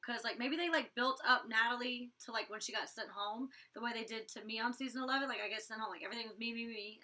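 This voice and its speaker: A young woman with a bright, fairly high voice rattles through a casual episode recap. She packs her talk with "like" fillers and swears bluntly. Her voice sits a little distant from the mic. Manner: chatty, fast storytelling full of "like" fillers. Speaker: reality show cast member reviewing an episode.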